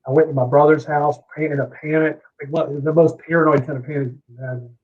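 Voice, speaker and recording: A man's voice: on the high side, fairly even intonation, fast talker, slightly rough. A middle-aged man from Savannah, Georgia, telling a long, heated story as a podcast guest, swearing freely and rambling between asides. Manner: profane, heated, rambling anecdote. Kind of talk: casual storytelling. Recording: dull lo-fi podcast audio.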